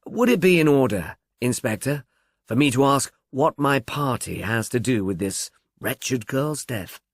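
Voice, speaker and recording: A languid young gentleman, as a male narrator reads him drawls coolly and quizzically, a touch lower and quieter than the narration. The sound is dry and close. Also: animated, unhurried, no room sound. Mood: sardonic.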